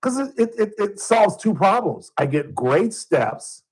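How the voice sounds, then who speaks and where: A man's voice: sits high, very animated, a little slow, a little mellow, breathy edge, low-quality recording. A man in his sixties hosting talk radio from a studio, telling rambling stories in casual chat. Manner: rambling storyteller. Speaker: radio host. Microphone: studio mic.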